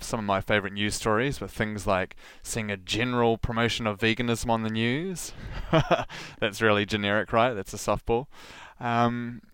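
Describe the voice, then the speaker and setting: A man chats casually as a podcast host, teasing himself and laughing along. His voice is on the low side and smooth. The recording is dry and close, with no room sound. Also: a bit bright, no room sound. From New Zealand. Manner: chatty, self-mocking, laughing often. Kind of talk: casual solo monologue.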